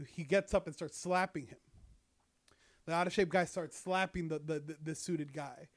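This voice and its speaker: Young guy, slightly higher voice, casual profane storyteller. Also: fairly even intonation, normal speed. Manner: rambling, profane, lots of fillers. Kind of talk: casual chat.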